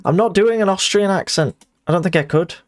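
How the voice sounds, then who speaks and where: A man's voice: high voice, a little fast. A man chatting casually on a live stream, rambling and self-mocking, swearing freely.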